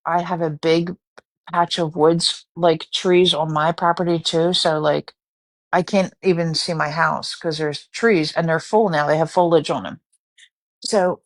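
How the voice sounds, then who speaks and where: A woman telling a story casually on a live stream, animated and profane. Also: sits low, creaky. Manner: animated, profane, breaks into screaming reenactments.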